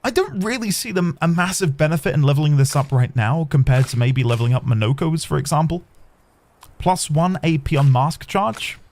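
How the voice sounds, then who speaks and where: Lively, chatty male game streamer. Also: a little high, brisk, slight background noise. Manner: chatty, rambling, talks to chat. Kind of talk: casual gameplay streaming.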